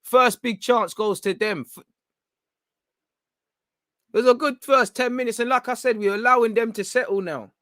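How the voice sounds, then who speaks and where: A young man giving live, excitable reaction commentary on a football match as host of a fan watchalong. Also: extremely high pitch, moderate pace, long pauses, dry recording, studio quality. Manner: excitable, urgent, coaching the players.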